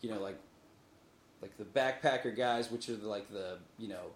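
A man talking casually as a podcast guest, animated and jokey, breaking into silly voices. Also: fairly low pitch, moderate pace, roomy sound. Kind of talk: casual chat. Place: podcast studio.

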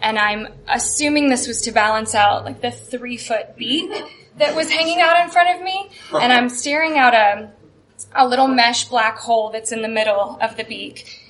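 A woman's voice: fairly high pitch, moderate pace, fairly bright tone, slight background noise. A young woman telling a self-deprecating personal story on stage, chatty and full of "like".

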